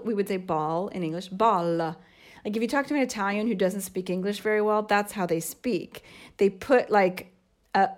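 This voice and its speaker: Animated American woman explaining. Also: mid-range voice. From United States. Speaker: podcast co-host and mother. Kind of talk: casual chat.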